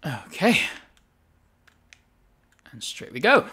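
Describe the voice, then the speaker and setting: Easygoing man narrating a game, bright voice. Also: on the high side, big pitch swings, slow, slightly rough. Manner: chatty, laughs often, self-correcting. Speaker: gaming streamer. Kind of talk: casual gameplay commentary. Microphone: desk microphone.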